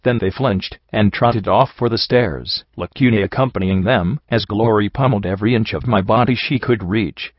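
Low-voiced man narrating a story. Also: no room sound, highs cut off. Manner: steady, measured first-person narration. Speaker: audiobook reader.

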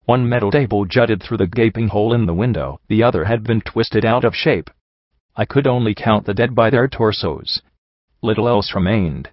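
A man reading a first-person story aloud in a steady, grim way. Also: lowish voice, moderate pace, no room sound. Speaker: audiobook reader. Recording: dull lo-fi recording.

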